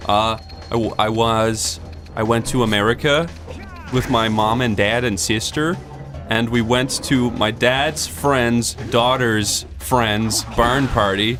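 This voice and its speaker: Deadpan man telling a story. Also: mid-range voice, takes it slowly, music in the background. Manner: deadpan storyteller, acts out quoted voices. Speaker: let's play co-host. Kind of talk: casual storytelling while gaming.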